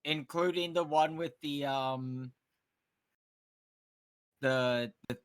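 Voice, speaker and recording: A man's voice: mid-range voice, very slow, no room sound. A man playing a tabletop game, asking hesitant, stammering questions about the rules. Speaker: player.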